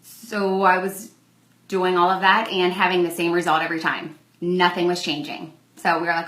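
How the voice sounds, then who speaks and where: A woman's voice: fairly low pitch, flat delivery, moderate pace, fairly bright tone, roomy sound, rough recording. A young woman telling a personal story in a candid, conversational vlog, acting out the lines in quoted exchanges. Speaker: vlogger.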